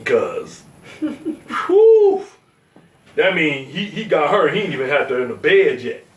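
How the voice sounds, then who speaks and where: A fairly high-voiced man hosting a loose podcast conversation, blunt and profane, who acts out bits of stories as he goes. His pitch swings widely. He sits well back from the mic in a room with a roomy echo. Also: huge pitch swings, slow pace, recorded from a distance. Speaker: show host. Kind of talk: casual podcast chat.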